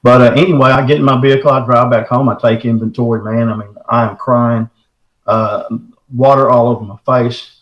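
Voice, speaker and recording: A man's voice: mid-range voice, steady tone, brisk, roomy sound, highs cut off. A middle-aged man from the States. He earnestly recounts a personal encounter as a caller, in a folksy way. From Texarkana area, southern United States. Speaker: caller telling his encounter.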